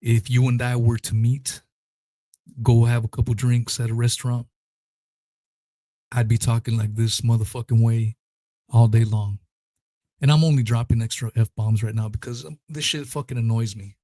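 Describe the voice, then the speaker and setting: A man's voice: mid-range voice, fairly even intonation, normal speed, long pauses, dark tone, no echo. A man hosting his own podcast, ranting in a blunt, heated, profane casual monologue. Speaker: podcast host.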